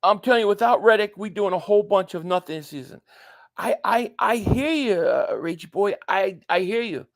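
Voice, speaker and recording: Male stream host, high voice, dry close mic, chatty, reads out viewer comments. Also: expressive, normal speed, vocal fry, dry recording. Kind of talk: casual live stream chat.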